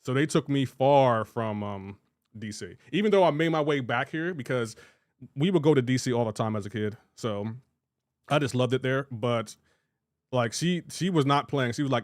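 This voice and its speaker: A man's voice: medium pitch, lively intonation, normal speed, no echo, clean studio sound. A man from Delaware streaming a game, chatting casually, rambling and restarting his sentences as he answers chat. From Delaware, USA.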